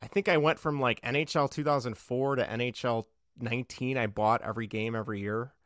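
A man co-hosting a sports podcast in casual chat, talkative and quick to laugh. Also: medium pitch, steady tone, fairly bright tone, no echo, clean studio sound. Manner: chatty, laughs easily, restarts often. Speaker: podcast co-host.

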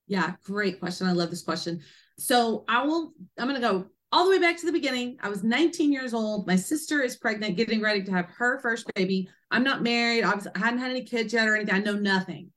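A woman guest, an author and doula, telling a personal story with animated energy and acting out quoted speech. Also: a little high, fast. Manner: lively, acts out quoted speech in a raised voice.

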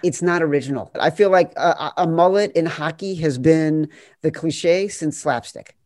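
A man hosting a podcast quiz game, blunt and quick to swear. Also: a little high, darkish tone, dry recording, clean studio sound. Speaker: game show host.

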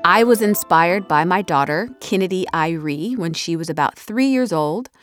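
A woman's voice: fairly low pitch, normal speed, soft background music. A woman in her thirties, an author, chatting casually and animatedly about her audiobook from a recording booth. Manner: animated, chatty, drops softly at the ends of thoughts. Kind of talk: casual reflective chat. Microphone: studio mic.

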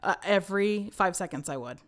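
A woman in her forties chats as a podcast guest. She tells her stories with excitement and laughs often. Her voice sits at a middle pitch. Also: fairly quick. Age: 40s. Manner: excitable storyteller, bursts of laughter. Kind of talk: casual podcast chat.

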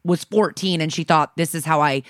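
A woman co-hosting a podcast, talking through her views in a calm, casual way. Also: sits low, normal speed, dry recording, studio quality. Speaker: podcast co-host.

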